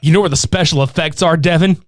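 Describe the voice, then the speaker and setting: Speaking fast in a fairly high voice, a man recaps a horror movie in casual, profanity-laced chat, animatedly acting out the characters' lines.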